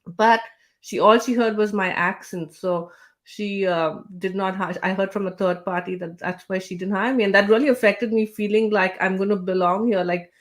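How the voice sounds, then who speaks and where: A woman's voice: medium pitch, fairly even intonation, normal speed. A woman hosting a live panel over a video call, talking earnestly with many fillers and restarts. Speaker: host.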